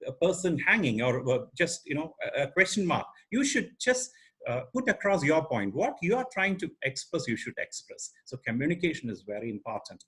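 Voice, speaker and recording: A man's voice: fairly high pitch, sing-song, fairly quick, a bit bright, slightly rough. A middle-aged man giving an online training lecture as a corporate trainer, emphatic and asking the audience rhetorical questions.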